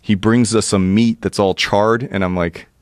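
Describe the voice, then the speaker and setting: A man in his forties from the United States, a podcast guest telling a wild story, animated, profane, full of laughs and restarts. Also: lowish voice, normal speed, no echo, studio quality. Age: 40s. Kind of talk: storytelling anecdote in casual chat.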